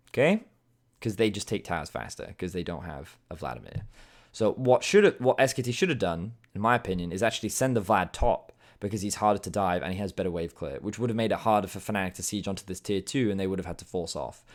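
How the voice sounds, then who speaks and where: A man reviewing a video game match as an esports analyst, explaining plays in a casual way. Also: on the low side. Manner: explanatory, casual, breaks into quick impressions.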